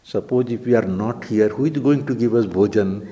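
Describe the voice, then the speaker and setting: A man's voice: fairly low pitch, fairly quick, dark tone, big-room sound. Man teaching scripture verse by verse. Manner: reads Sanskrit verses then explains word by word.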